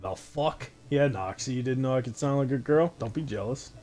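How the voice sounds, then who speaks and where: A man's voice: medium pitch, moderate pace, warm tone, soft background music. A man streaming a video game from his console, talking casually with a brash, profane, joking manner. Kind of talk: casual live-stream commentary.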